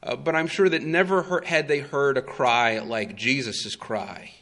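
A man preaching a sermon, telling the story slowly and with emphasis, with frequent "uh" fillers. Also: medium pitch, a bit bright. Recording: long hall reverb.

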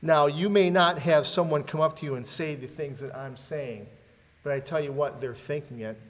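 A man's voice: fairly high pitch, normal speed. A man preaching a sermon, asking the congregation rhetorical questions and giving dramatic readings. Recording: long hall reverb.

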